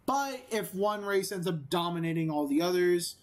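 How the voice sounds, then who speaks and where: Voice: mid-range voice, lively intonation, normal speed, rough recording. A gaming video creator giving casual let's-play commentary, rambling and self-amused, with many fillers.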